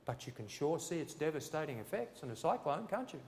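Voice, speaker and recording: A man preaching a sermon and reading scripture, fervent and building to loud, emphatic passages. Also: fairly high pitch, very animated, fairly quick, a little hiss or hum. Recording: long reverb in a large hall.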